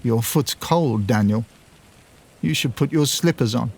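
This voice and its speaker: A man voicing the blind, frightened ghost of an old father who pleads slowly and wails. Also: medium pitch, a little mellow, slightly rough. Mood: pleading. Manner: pleading, wailing, slow.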